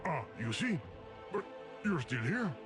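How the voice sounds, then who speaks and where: An actor voicing an anxious, fussy game program with an odd foreign-sounding accent, talking in a fretful, pleading way. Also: male voice, fairly high pitch, sing-song, measured pace. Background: game music.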